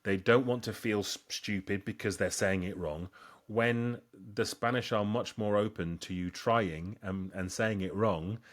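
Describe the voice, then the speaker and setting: Low-voiced man in emphatic chat. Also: fairly even intonation, a little slow. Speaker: co-host. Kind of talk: casual chat.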